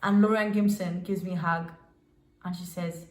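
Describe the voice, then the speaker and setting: A woman's voice: lowish voice, steady tone, moderate pace. Gushing young woman in a roomy room. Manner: gushing, emotional, lots of fillers and restarts. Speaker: dancer and vlogger. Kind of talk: casual storytelling vlog. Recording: roomy sound with faint music.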